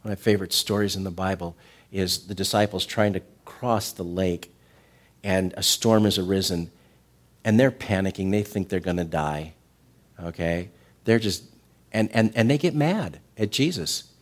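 A middle-aged man preaching a sermon, animated, rising to loud emphatic peaks and falling to soft, tender passages. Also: sits low, moderate pace. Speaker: pastor.

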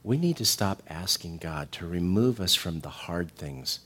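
A middle-aged man delivers a sermon in a fairly low voice. He preaches with real animation, climbing to loud, emphatic peaks before dropping back into soft, tender stretches. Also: expressive, measured pace, slightly rough. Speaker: pastor.

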